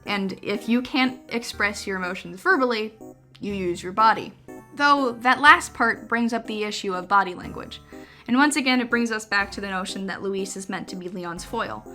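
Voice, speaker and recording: A young woman reads her own video essay script with a bright, clear voice. She keeps it wry and conversational, dropping dry jokes between points, with faint music under her. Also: mid-range voice.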